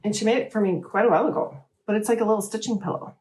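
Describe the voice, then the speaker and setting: A middle-aged woman hosting a casual crafting show, chatting in a rambling, animated way. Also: medium pitch, very fast. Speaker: host. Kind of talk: casual chat.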